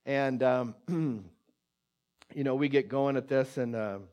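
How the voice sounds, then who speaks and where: Speaking slowly in a medium-pitched voice, a pastor preaches conversationally as he retells a personal story. He restarts often and drops to a hushed tone when quoting prayer.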